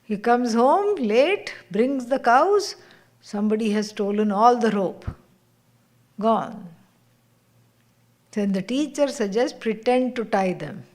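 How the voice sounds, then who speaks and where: Slow, high-voiced woman spiritual teacher. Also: expressive, a little mellow. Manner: unhurried, laughs often while telling stories. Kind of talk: scripture class lecture.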